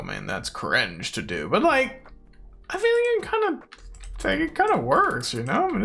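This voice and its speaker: During a casual gaming stream, a young man playfully rambles and tosses out meme phrases while playing. His voice is medium-pitched, pushed and bright with vocal fry, over faint background music.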